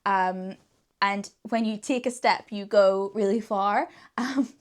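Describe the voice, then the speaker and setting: A woman's voice: mid-range voice, takes it slowly. Giggly, gushing young woman. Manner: enthusiastic, giggles often between sentences. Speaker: book reviewer. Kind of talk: casual chat.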